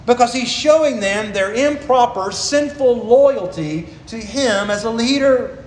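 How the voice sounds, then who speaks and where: A pastor preaches with a high, earnest voice, leaning hard on his key phrases and slowing down to stress them. The room is echoey and roomy, with a faint hiss of ambience underneath. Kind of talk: sermon.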